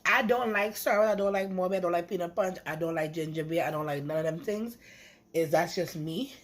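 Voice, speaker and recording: A woman talks casually to her camera in a lowish, husky voice. She rambles in a chatty way and throws in lively asides. It is an easygoing vlog monologue. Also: a little fast. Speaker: vlogger.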